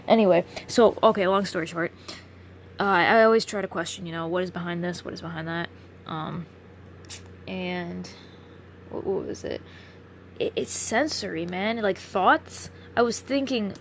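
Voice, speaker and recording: Tired woman with a gravelly, fry-laden voice. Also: medium pitch, normal speed, pauses often, a little hiss or hum. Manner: rambling, trailing off, swears a lot. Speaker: vlogger. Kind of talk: late-night philosophical ramble.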